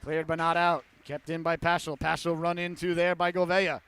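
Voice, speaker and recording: A man calling a youth hockey game play-by-play, with rapid calls that rise to excited shouts on goals. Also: a little high, smooth, no echo. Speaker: play-by-play commentator.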